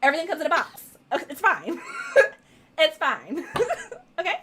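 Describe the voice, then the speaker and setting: A woman co-hosting a casual writing chat over a video call, playful and animated, laughing often. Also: sits high, moderate pace, a little hiss or hum.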